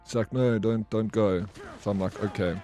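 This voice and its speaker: A man's voice: on the low side, normal speed, faint music behind. A man chatting on a live game stream, telling stories casually with slang and swearing, acting out the people in them. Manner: animated storyteller acting out quoted people.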